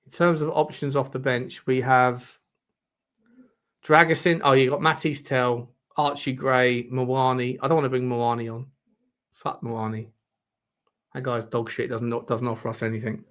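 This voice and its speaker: A man hosting a live football watchalong, reacting to the match in excitable, sweary commentary and shouting at the referee. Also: mid-range voice, moderate pace.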